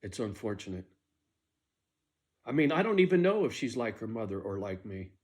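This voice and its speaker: A man's voice: on the low side, sing-song, moderate pace. A middle-aged man ranting in a personal vlog monologue, aggrieved and bitter, checking in with his listeners again and again. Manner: aggrieved rant with frequent "right?" tags. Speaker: vlogger.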